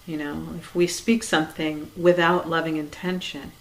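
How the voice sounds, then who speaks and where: A woman with a slightly low voice gives a reflective dharma talk. She speaks conversationally and gently, often saying "you know" and letting her phrases fall quiet. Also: flat delivery, moderate pace, rough recording. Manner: conversational, frequent "you know", soft laughs.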